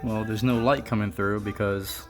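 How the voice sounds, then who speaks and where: Low-voiced casual man vlogging his build. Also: steady tone, normal speed, over music. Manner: casual, offhand, thinks aloud with fillers. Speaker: car project vlogger. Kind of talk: casual workshop vlog.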